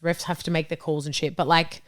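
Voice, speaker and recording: A woman's voice: low voice, brisk. A young woman from Australia co-hosting a casual football podcast, talking animatedly and acting out referees' lines. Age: young adult. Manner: animated, quotes referees in put-on voices. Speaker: podcast co-host.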